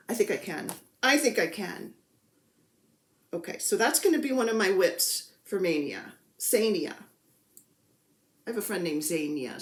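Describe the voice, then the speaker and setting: A woman's voice: medium pitch, roomy sound, a little hiss or hum. A woman chatting casually about her cross-stitch projects, rambling and poking fun at herself. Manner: chatty, self-deprecating, rambling. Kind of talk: casual show-and-tell chat.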